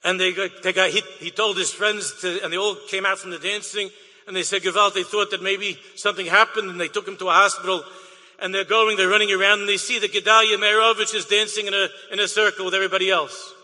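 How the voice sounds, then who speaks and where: A man's voice: sits high, little pitch movement, fast talker, pushed and bright, long reverb tail. A man, a rabbi, tells an emotional story to an audience, dropping Yiddish and Hebrew words and repeating his phrases.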